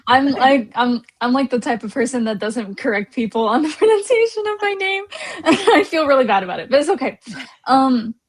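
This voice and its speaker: A woman's voice: sits high, expressive, normal speed. A woman on a video call telling her story as a cast member, bashful and giggling often. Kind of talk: casual group chat.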